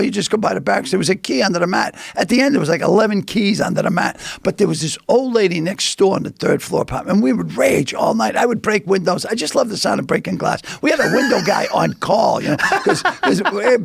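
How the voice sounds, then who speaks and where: An older man, a comedian guest telling a story loudly and animatedly, laughing and acting out other people's voices. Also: high-pitched, vocal fry, slightly rough, no echo, studio quality. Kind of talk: storytelling in casual chat.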